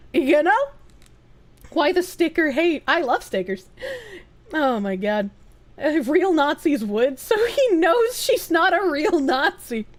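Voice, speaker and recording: A woman streamer chatting casually and reading viewer messages aloud, blunt, swearing a lot and laughing often. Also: high-pitched.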